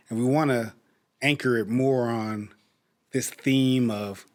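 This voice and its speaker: A man co-hosting a faith podcast, thoughtful and affirming as he guides the discussion. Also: mid-range voice. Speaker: podcast co-host. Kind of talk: casual discussion.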